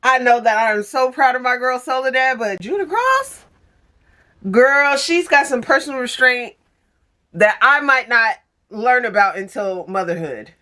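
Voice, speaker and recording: A woman's voice: fairly high pitch, moderate pace, sharp tone. A young woman chatting in a casual reading vlog, gushing and chatty with many fillers. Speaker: book vlogger.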